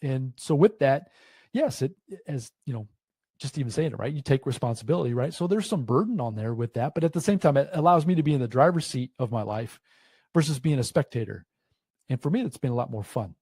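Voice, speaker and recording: Fast husky man, earnest. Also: mid-range voice, lively intonation, warm tone, dry recording, clean studio sound. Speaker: podcast guest.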